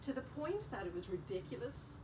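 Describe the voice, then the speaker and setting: A woman's voice: on the high side, big pitch swings, fairly quick. Chatty Irish woman, distant mic. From Ireland. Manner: chatty and self-mocking, laughs easily. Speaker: podcast guest. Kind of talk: casual chat. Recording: distant mic with clear background noise.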